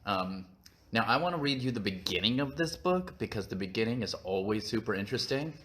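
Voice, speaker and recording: Goofy low-voiced man chatting. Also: lively intonation, a little fast, fairly bright tone, slight background noise. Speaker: vlog host reading live chat. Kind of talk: casual live-stream chat.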